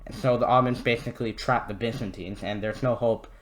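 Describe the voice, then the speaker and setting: A man's voice: mid-range voice, fairly even intonation, fast talker, fairly bright tone, slight background noise. A man hosting a casual history video, joking and swearing as he rambles. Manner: irreverent, jokey, swears, rambles with fillers. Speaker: history channel host.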